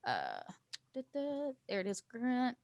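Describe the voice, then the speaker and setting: A woman's voice: fairly high pitch, wildly swooping pitch, slow pace, gravelly, darkish tone, no echo, muffled recording. A woman playing a tabletop game over a video call, chatty and laughing easily. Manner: chatty, laughing, drops to whispers in character. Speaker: player. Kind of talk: casual tabletop play.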